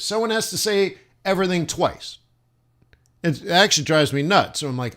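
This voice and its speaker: A man's voice: on the high side, moderate pace, fairly bright tone. A man chatting casually while running a live trading stream, rambling with many fillers and restarts. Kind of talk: casual livestream chat. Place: southern United States.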